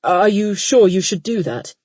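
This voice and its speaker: A woman voicing a concerned young husband, speaking softly and carefully in an audiobook. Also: medium pitch, very animated, unhurried, breathy edge, no echo, clean studio sound.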